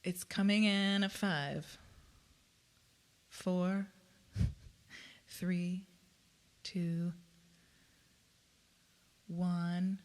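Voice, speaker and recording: A woman's voice: on the low side, steady tone, drawn-out words, pauses often, darkish tone. A woman teaching ukulele in a live-streamed lesson, chatty and self-deprecating, often laughing between explanations. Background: her own ukulele playing.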